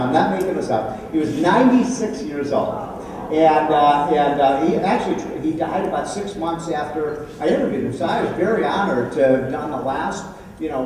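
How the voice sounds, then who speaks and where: A man tells rambling, joking stories as a dinner keynote speaker, restarting his sentences often. His voice sits a little high for a man. He is picked up from a distance in a large echoing hall with faint room noise. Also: a little mellow. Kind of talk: after-dinner speech with anecdotes. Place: banquet hall.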